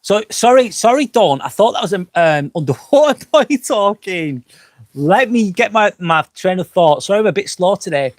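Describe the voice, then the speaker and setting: Guy a bit drunk on a live stream, swearing loads, rambly chat, voice sits a touch high. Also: lively intonation, normal speed, few pauses, dry recording. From England. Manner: rambling, swears freely, apologetic asides. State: tipsy from wine. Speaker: live-stream host reading chat comments. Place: outdoors by a fire pit at a glamping site.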